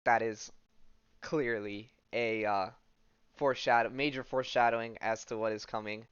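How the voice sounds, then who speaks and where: A male podcast host with a mid-pitched, smooth, clear voice wanders casually through a comic book recap, rambling loosely with plenty of fillers. His tone is steady and his pace moderate. The recording is dry with no echo, but muffled and lo-fi.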